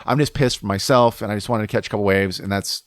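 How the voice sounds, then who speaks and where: A man's voice: on the low side, fast, no room sound, clean studio sound. A middle-aged man from Southern California hosting a podcast, telling a rambling, profane story in a casual, heated way. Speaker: podcast host.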